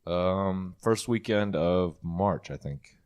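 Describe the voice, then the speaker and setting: A man's voice: low voice, takes it slowly, darkish tone, smooth. A man hosting a podcast, chatting in an easygoing way and signing off heartily. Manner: easygoing, hearty sign-offs. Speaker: podcast host. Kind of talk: casual chat.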